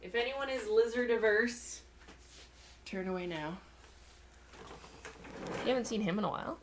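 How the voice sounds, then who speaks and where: There's a faint hiss or hum under this slightly high-pitched woman's voice, which moves at a moderate pace and pauses often. She's a Canadian livestream host who sculpts as she chats, reading comments out loud and voicing her pet lizard's thoughts.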